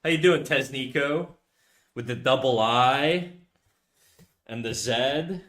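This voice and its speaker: Slow-paced and mid-range with a fairly bright tone, this young male live-stream artist chats casually while drawing, laid-back and foul-mouthed. He reads chat aloud, recorded on a USB condenser desk mic in an untreated room in his apartment.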